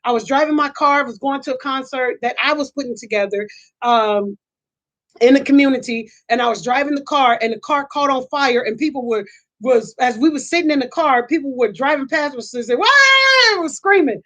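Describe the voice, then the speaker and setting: A middle-aged woman hosting a casual chat, telling animated stories, laughing often, and repeating and restarting her phrases. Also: sits high, brisk. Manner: animated storytelling, laughs often, acts out quotes. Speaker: host.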